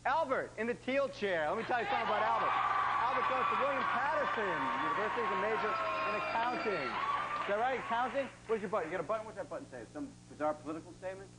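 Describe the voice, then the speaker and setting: Wisecracking male game-show host, high voice. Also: animated, very fast, heavy background noise. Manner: wisecracking, teasing contestants. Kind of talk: quick comic game-show patter. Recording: loud show music underneath.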